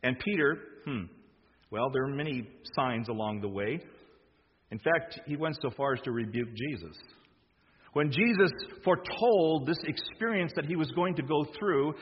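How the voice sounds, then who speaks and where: A man's voice: on the high side, expressive, normal speed, slight background noise. A man preaching a sermon, emphatic, acting out quoted lines with rising force. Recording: dull sound with long hall reverb.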